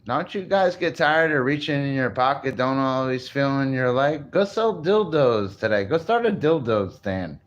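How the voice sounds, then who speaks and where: A man's voice: mid-range voice, animated, moderate pace, hardly any pauses, dull audio. Crude, boastful man rambling to camera. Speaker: vlogger. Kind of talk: casual rambling monologue.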